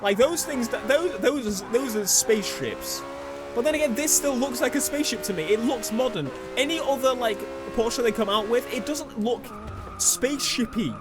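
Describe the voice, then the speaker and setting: A young man rambling through racing game commentary, excitable and swearing, shouting when things go wrong. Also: very high-pitched, normal speed, over music. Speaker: gaming YouTuber. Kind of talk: gameplay commentary.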